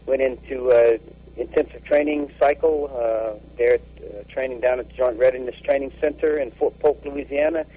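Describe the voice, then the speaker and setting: A man, an army officer, recounting a deployment in a radio interview, halting with many fillers and restarts. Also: medium pitch, steady tone. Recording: dull lo-fi radio sound.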